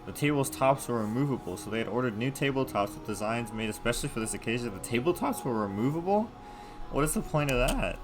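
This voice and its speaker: A man's voice: medium pitch, animated, fast talker. A man reading a visual novel aloud with casual, joking asides. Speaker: gameplay video host. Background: game music.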